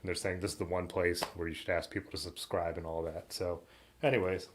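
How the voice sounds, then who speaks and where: A man's voice: sits low, level tone, fairly quick, a little hiss or hum. A man hosting a casual livestream from his workshop, rambling loosely with lots of fillers and trailing thoughts. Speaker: livestream host. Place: basement workshop. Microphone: laptop setup.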